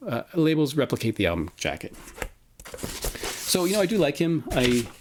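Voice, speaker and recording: A man's voice: a little high, big pitch swings, normal speed, noisy background. A man casually reviewing vinyl records he bought, frank and opinionated, with plenty of fillers and restarts. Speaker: record collector vlogger.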